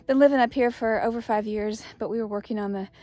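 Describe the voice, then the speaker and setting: A middle-aged homestead vlogger from East Tennessee chats while walking outdoors, out of breath but upbeat. Her voice is a little high, steady and warm, and she talks fast in a rambling, chatty way.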